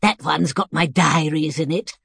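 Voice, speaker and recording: A woman voicing a frail, bedridden old woman who is mischievous and sharp-tongued, giving bossy orders in a teasing way. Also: low voice, a little slow, gravelly, breathy edge, no echo, studio quality, heavily acted.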